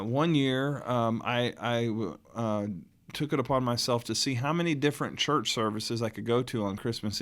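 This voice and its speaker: A man's voice: medium pitch, fairly bright tone. A man from Florida co-hosting a podcast, telling a family holiday story in a rambling, laughing, casual way. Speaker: podcast co-host. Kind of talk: casual chat, personal storytelling.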